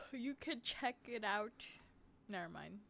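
Slow, giggly woman streamer. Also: a little high, fairly bright tone. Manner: playful, giggly, teasing. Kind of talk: casual gaming stream chat.

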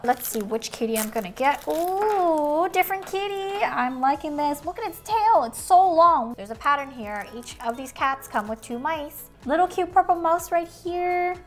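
A woman hosting a casual toy unboxing, bubbly and exclaiming as she talks to viewers like friends. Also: sits high.

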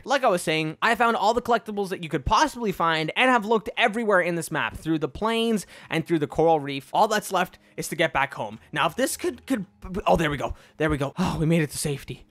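An excitable woman narrating her own gameplay, her voice leaping up and down in pitch. She panics, jokes and chatters playfully as she plays. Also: brisk, few pauses, dry recording. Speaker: gaming YouTuber. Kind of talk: playing a game and commenting.

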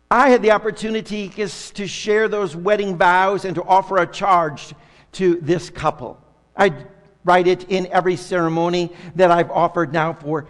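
A middle-aged male pastor with a high voice preaches with passion, dropping to near hushes and rising to loud, fervent peaks. His words ring out with a long reverb in a church sanctuary. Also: creaky. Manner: impassioned preaching with dramatic swings between soft and loud. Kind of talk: sermon.

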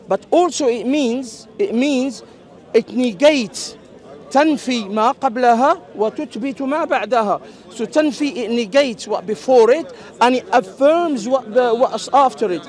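A man in an open-air debate, explaining points at length, cutting in on others and reciting Arabic verses quickly. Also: extremely high pitch, a little mellow. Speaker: street debater. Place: outdoor public park.

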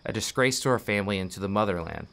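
A man reading aloud the lines of a sickly, dying male priest who is calm and resigned, in a slow, solemn delivery. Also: fairly low pitch, creaky, pitched below the performer's own voice.

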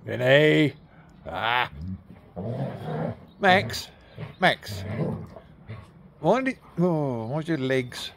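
A man's voice: mid-range voice, very animated, drawn-out words, pauses often, noisy background. A man filming his dogs in a garden, teasing and cheering them on with a chatty, laughing manner. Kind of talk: casual talk to pets while filming. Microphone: handheld camera.

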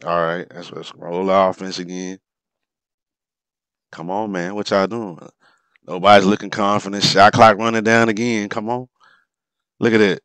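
A man's voice: low-pitched, flat delivery, normal speed, pauses often, fairly bright tone, smooth, no echo. A man commenting on old basketball game footage, talking informally with frequent exclamations and laughs at mistakes. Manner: informal, drops verb endings. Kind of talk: excited play-by-play commentary over a replay.

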